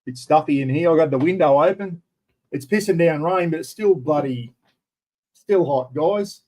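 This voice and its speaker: Broadcasting indoors at home through his computer's built-in microphone, an older Australian livestream host talks at a moderate pace in a highish, somewhat mellow voice. The recording is low quality as he chats casually and says hello to viewers by name.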